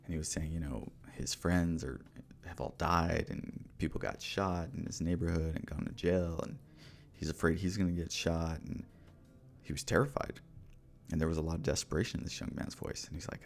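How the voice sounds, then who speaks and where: A man's voice: low voice, a little fast. A podcast host talking earnestly and directly to the listener as he gives motivational advice. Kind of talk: motivational talk.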